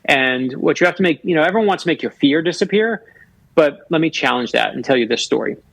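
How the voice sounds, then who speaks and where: Guest author, a man in his fifties, with a husky voice and a dry, close sound. He tells earnest personal stories. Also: a little high, expressive, quick pace, a bit bright, dry recording, low-quality recording. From Florida. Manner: earnest storyteller who acts out quoted voices. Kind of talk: storytelling in a radio interview.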